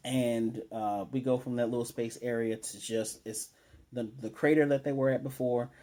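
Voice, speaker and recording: Mellow-voiced man rambling through an anime recap. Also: mid-range voice, normal speed. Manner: rambling recap with restarts, quoting lines in a flat voice. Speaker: anime reviewer. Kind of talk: casual episode recap.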